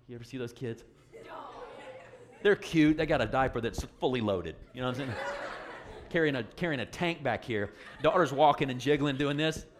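Male preacher, sermon, emphatic, joking, call-and-response, mid pitch.

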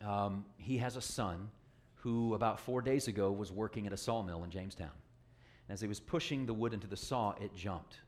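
A man's voice: fairly low pitch, fairly quick. A man preaching a sermon, joking with the congregation and calling for responses. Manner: call-and-response, joking, emphatic.

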